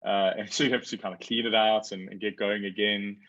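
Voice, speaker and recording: A man in his forties telling a story as a guest in a casual conversation, lively when he quotes others. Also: lowish voice, a little fast, lo-fi sound.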